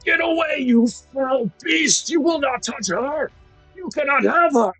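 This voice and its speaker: A man voicing a desperate, bloodied father who shouts in a strained high voice to defend his daughter, in a tabletop game. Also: a little slow, no room sound, soft background music, full character voice, poor audio. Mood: frantic.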